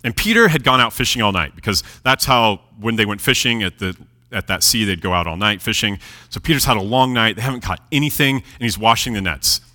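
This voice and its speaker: Male preacher, casual storytelling sermon, lively swooping delivery, bright tone. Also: fairly low pitch, fairly quick. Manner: chatty, animated, laughs at own jokes.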